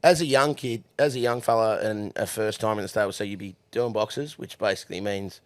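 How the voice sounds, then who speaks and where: A man's voice: on the low side, fairly quick, dry recording. A young Australian man, a horse trainer, telling crude stories with lots of swearing and laughter in a casual podcast chat.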